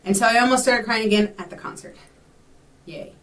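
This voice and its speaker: A woman's voice: a little high, brisk, a bit bright, far from the mic. A young woman from Texas telling a rambling personal story in a casual vlog, full of ums and likes. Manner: chatty, rambling, with many fillers. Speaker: vlogger.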